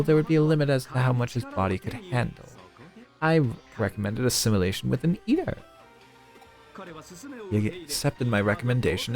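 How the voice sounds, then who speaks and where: A man voicing a smug, calmly manipulative male villain from a video game, reading its lines in a silky, condescending way. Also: mid-range voice, natural voice.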